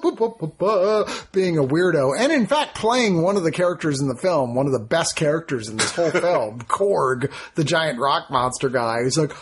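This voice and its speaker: A man chatting casually about films, enthusiastic and animated. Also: a little high, breathy edge. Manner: enthusiastic, animated, quotes people in put-on voices. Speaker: podcast co-host reviewing films. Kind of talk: casual chat.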